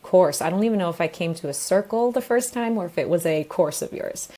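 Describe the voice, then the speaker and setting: Candid, low-voiced woman guest. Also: lively intonation, a little fast, mellow. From New York, USA. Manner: open and emotional, laughs often as she talks. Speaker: guest, pelvic floor therapist. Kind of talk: candid interview storytelling.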